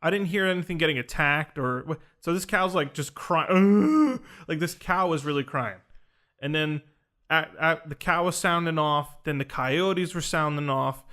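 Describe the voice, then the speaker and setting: A man's voice: on the high side, normal speed, bright, forceful tone, clear, resonant tone. A young man casually telling a personal story on a podcast, earnest and rambling, full of fillers and restarts. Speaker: podcast host recounting a ceremony.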